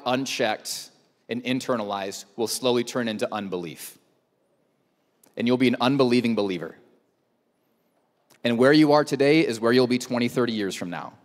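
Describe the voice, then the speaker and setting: A male pastor preaching a sermon in a conversational way, with rhetorical questions and joking asides. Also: medium pitch. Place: church auditorium. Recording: long church hall reverb.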